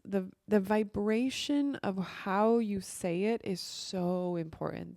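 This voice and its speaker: Chatty woman with a gravelly edge. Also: mid-range voice, a little mellow, no echo, studio quality. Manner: chatty, heavy use of "like" and "you know". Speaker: spiritual coach and podcaster. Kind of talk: casual monologue.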